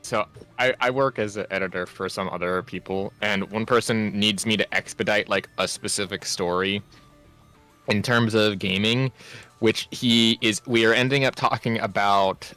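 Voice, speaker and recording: A man's voice: lowish voice, steady tone, moderate pace, pushed and bright, smooth, faint music behind. A man who works as a video editor, chatting casually on a stream and rambling as he loses his train of thought. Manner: rambling, trailing off.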